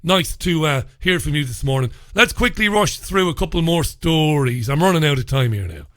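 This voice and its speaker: A male radio host with a bright, slightly high voice, chatting off the cuff. He tells blunt, jokey stories and swears without pause. The sound is close and dry. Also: expressive, no room sound. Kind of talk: casual chat show with newspaper review.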